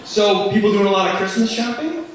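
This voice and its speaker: A man doing a stand-up comedy set in a rambling style full of "like" fillers, with sudden loud outbursts. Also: sits high, expressive, a little fast, background noise. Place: comedy club stage. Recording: echoey club recorded from far off with audience. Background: audience laughter.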